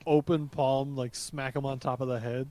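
A man's voice: medium pitch, level tone, normal speed, over a noisy crowd. A man playing a tabletop game, talking playfully and laughing. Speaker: player. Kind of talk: casual tabletop play.

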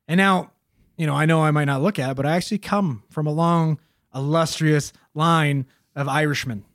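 A man's voice: fairly high pitch, moderate pace, a bit bright, dry recording, studio quality. A man casually telling a story on a podcast, swearing a lot in a loose, joking way.

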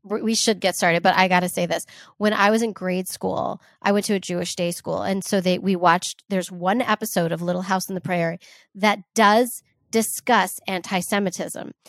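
A woman co-hosting a podcast in chatty casual talk, reacting quickly and laughing easily. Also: mid-range voice, fairly even intonation, dry recording, clean studio sound. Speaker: podcast co-host. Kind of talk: casual chat.

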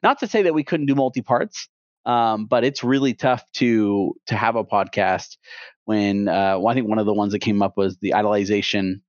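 A man's voice: on the low side, moderate pace, dry recording. Rambling man on a podcast. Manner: rambling, opinionated, many restarts. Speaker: podcast co-host. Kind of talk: casual podcast chat. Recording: dull, dry podcast audio.

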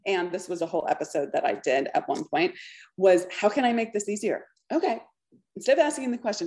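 A woman hosting her own podcast, coaching listeners in a lively talk that keeps checking in with "okay". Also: mid-range voice, fast. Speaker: podcast host, business coach.

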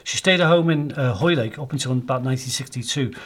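Man, podcast co-host; rambling, filler-heavy storyteller, mid-pitched, easygoing delivery. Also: quick pace. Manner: rambling, chatty, lots of fillers.

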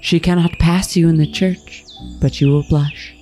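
A woman on a comedy podcast reading a dramatic monologue in a melodramatic, drawn-out way with sudden outbursts. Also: deep voice, fairly even intonation, warm tone, soft background music. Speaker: podcast guest.

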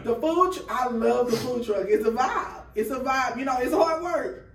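On a podcast, a woman who owns a food truck tells a story in casual chat, acting out the dialogue in quoted voices. Her voice is on the high side at a normal speed. The mic is distant, so the sound is roomy and off-mic.

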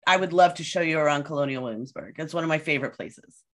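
Podcast guest woman telling a story, kinda low voice, acts out the quotes. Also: fast talker, fairly bright tone. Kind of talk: casual podcast chat, storytelling.

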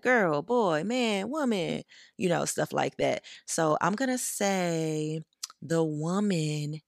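A woman's voice: low voice, no room sound, clean studio sound. A young woman hosting a podcast, chatting playfully and often saying "y'all". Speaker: podcast host. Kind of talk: casual solo chat.

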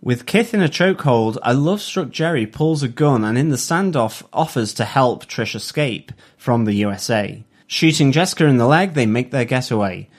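A man with a mid-range voice hosts a TV review podcast. He reads an episode synopsis in a steady, measured way, keeping it conversational. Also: mid-range voice. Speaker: podcast host. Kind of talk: casual review chat and read synopsis.

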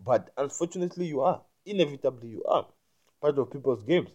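A man's voice: mid-range voice, animated, a little fast, dull audio. Rambling, emphatic man musing on spirit. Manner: repetitive, keeps asking "you understand me?"; grows loud and emphatic when indignant.

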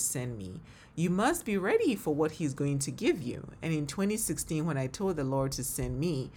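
A woman with a Ghanaian accent speaks on her solo faith podcast in a low, full voice. Her talk is earnest and heartfelt, and she laughs often as she reflects. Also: darkish tone. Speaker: podcast host and ministry leader.

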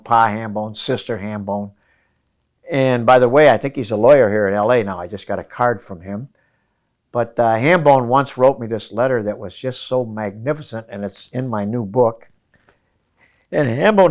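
A man, a high school running coach, giving emphatic interview answers in a hotel room and repeating his key phrases.

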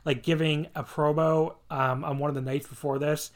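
A man co-hosting a casual wrestling podcast, rambling and animated, laughing often and swearing casually. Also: on the high side, moderate pace. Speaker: podcast co-host. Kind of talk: casual wrestling review chat.

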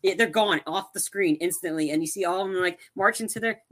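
Young adult, podcast co-host, bright tone, rambling casual chat, many fillers. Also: mid-range voice, quick pace. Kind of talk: casual chat about a movie.

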